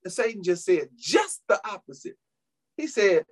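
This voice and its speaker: A man's voice: mid-range voice, expressive, measured pace. A male pastor preaching a sermon, calling out to the congregation with frequent amens, hallelujahs and little laughs. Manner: preaching with frequent "amen" and laughs, addressing "saints".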